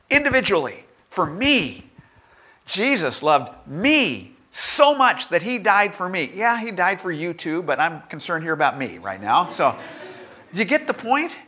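A man's voice: fairly high pitch, sharp tone. A middle-aged male pastor preaching a sermon in a conversational way, with humorous asides.

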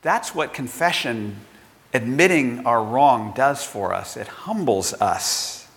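A man's voice: medium pitch, animated, slow, fairly bright tone. A male pastor preaching a sermon, telling a story and acting out its characters. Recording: long hall reverb.

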